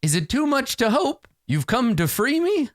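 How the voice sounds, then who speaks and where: A man's voice: very high voice, big pitch swings, normal speed, dry recording, studio quality, pitched above the performer's own voice. Man voicing a courteous, wistful unicorn. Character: gentle captive unicorn, weary and polite.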